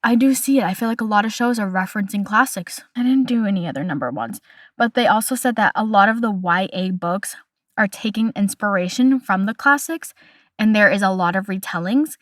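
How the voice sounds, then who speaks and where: A woman's voice: medium pitch, a little fast, dry recording, studio quality. Chatty, opinionated young woman podcaster. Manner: chatty and opinionated, playful hot takes. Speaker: podcast host. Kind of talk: casual podcast chat.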